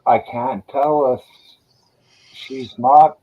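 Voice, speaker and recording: A man's voice: mid-range voice, animated, drawn-out words, creaky, husky, lo-fi sound. A man in casual chat with a friend, answering in short, subdued replies.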